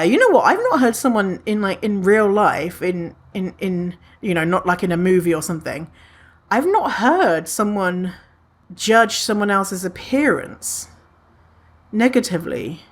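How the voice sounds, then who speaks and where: Lively, chatty woman podcast host. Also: mid-range voice. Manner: animated and chatty, swears freely, acts out imagined thoughts; laughs often at her own remarks. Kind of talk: casual solo podcast talk.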